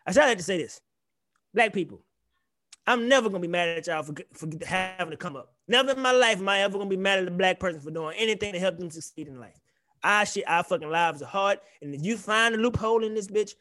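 A young man co-hosting a podcast, ranting in animated, profane casual chat. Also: sits high, dry recording, studio quality. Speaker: podcast co-host.

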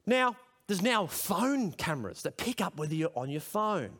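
A middle-aged man gives a sermon at a school chapel service, his voice pitched high. He talks in a conversational way and grows emphatic as he puts questions to the room. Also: sing-song, normal speed, a bit bright. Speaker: preacher.

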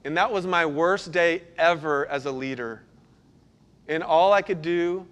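A middle-aged man, a pastor, preaching a sermon and telling stories, sometimes breaking into loud bursts. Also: fairly high pitch, unhurried. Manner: storytelling, animated with sudden loud bursts.

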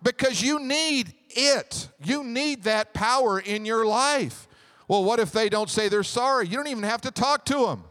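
A man preaching a sermon as pastor, animated, with a joke and call-and-response. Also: very high-pitched, moderate pace.

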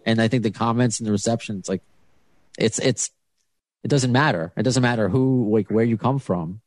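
A man's voice: lowish voice, normal speed, no echo. A man hosting a podcast interview, talking casually and rambling with many restarts and fillers. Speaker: podcast host.

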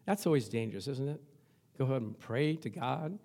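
A man's voice: medium pitch, moderate pace. An older man preaching a sermon as pastor, telling stories in a conversational, humorous way to his congregation. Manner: lively storytelling to a congregation.

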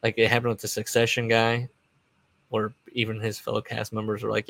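A man's voice: lowish voice, completely flat delivery, brisk, gravelly, fairly bright tone, dry recording. A man hosting a casual solo podcast, rambling from one aside to the next and chuckling at his own remarks. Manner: rambling and digressive, trails off and restarts. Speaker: podcast host.

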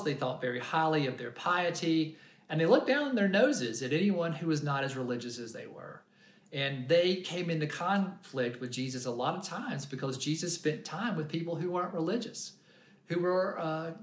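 Brief: male pastor, high voice, earnest storytelling sermon, roomy echo. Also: a bit bright. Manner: earnest, storytelling, frequent restarts.

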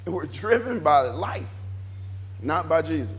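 A man preaching a sermon in a church, animated and repetitive, acting out little inner dialogues as he goes. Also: fairly high pitch, slow. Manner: animated, repeats phrases, acts out inner dialogue. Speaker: pastor.

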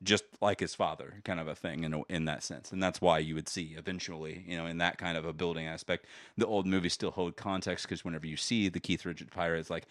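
A man's voice: low voice, steady tone, fast talker, a bit bright, no echo, studio quality. A man chatting casually on a podcast, rambling with lots of fillers. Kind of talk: casual chat.

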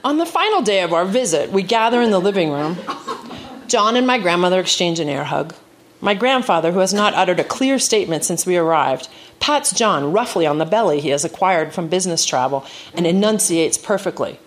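A woman's voice: lowish voice, expressive, a little fast, slight background noise. A woman giving a live reading of her personal essay on stage, with a wry storytelling delivery.

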